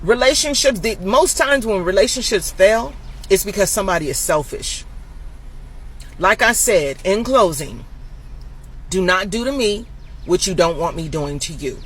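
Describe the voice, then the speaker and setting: A woman's voice: mid-range voice, expressive, moderate pace, slight background noise. A woman giving casual reaction commentary. She sounds motherly and preachy and keeps calling her listeners baby.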